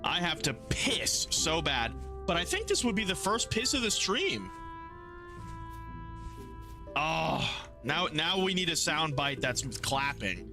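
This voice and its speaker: Over music, a man streams a game and casually chats with viewers, greeting them by name and swearing freely. His voice is on the high side, slow and full of pauses. When his pet rats need calming, he coos to them soothingly.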